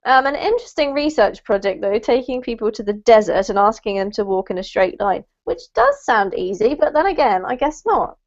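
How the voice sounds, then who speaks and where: A woman's voice: a little high, expressive, fairly quick, few pauses. A woman English teacher giving an online lesson over a video call, encouraging her students and correcting their pronunciation. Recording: muffled online call audio.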